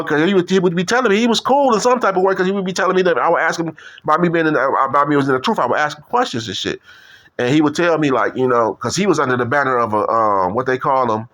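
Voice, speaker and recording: A man's voice: fairly high pitch, pushed and bright. Profane rambling man. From Detroit. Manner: profane, repetitive, street slang. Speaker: video commentator. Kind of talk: rambling casual monologue.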